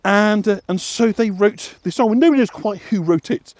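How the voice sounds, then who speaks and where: Talking at normal speed in a high, slightly mellow voice, a vlog host from West Yorkshire explains things while walking a path outdoors. He rambles, restarting often and using many fillers, and there's no room sound.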